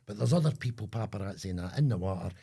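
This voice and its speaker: A man's voice: fairly low pitch, expressive, very fast, creaky, warm tone, breathy edge. A Scottish man co-hosting a podcast, chatting casually and rambling, often trailing off mid-sentence while he hunts for words. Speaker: podcast co-host. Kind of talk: casual chat.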